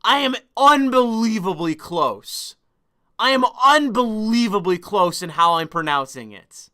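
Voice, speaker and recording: High, bright-voiced profane male streamer. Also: animated, smooth. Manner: profane, combative, quick to argue with chat. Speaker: live streamer. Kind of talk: live-stream monologue answering chat.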